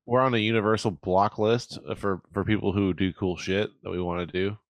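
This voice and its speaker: A man's voice: lowish voice, a little fast, no echo. A man co-hosting a casual chat, rambling and filling his talk with "like". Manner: rambling, heavy on "like", animated.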